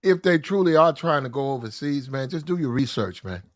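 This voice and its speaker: A man's voice: medium pitch, animated, a little fast. A man telling a rambling story in casual slang on a podcast, often restarting his sentences.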